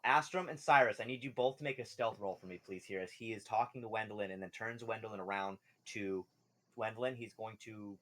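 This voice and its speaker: A man's voice: lowish voice, fairly quick, fairly bright tone. A man narrating as game master of a tabletop game, joking and laughing with the players. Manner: jokey, laughs a lot.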